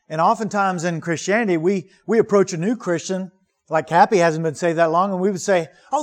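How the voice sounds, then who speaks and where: A man with a fairly high, bright-sounding voice preaches to his congregation. He is earnest and emphatic, leaning on rhetorical questions and repeating key words to drive each point home. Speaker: pastor. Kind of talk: sermon.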